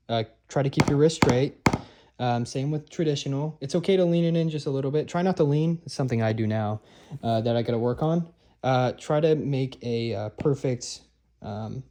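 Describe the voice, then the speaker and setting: A man's voice: medium pitch, mellow. Chatty young man teaching drum grip. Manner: loose and chatty, many fillers and restarts. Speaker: drumline instructor. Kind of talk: casual instructional talk. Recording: noisy room recording.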